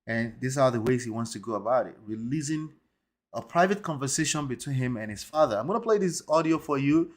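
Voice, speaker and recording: A man's voice: medium pitch, animated, fairly quick. A man hosting a commentary show, talking emphatically and tagging points with rhetorical questions. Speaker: host.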